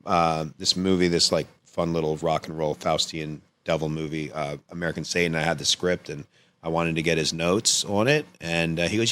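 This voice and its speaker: A man's voice: low voice, normal speed. A man, a filmmaker guest on a podcast, telling a personal story casually, swearing and acting out what people said. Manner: animated, acts out quotes in raised voices, swears freely.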